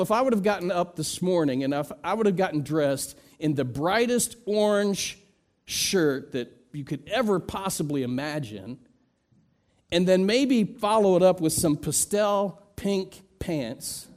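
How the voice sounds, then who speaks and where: A middle-aged man preaching a sermon, swinging from soft low drops to raised, emphatic peaks, with self-deprecating humor. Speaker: pastor.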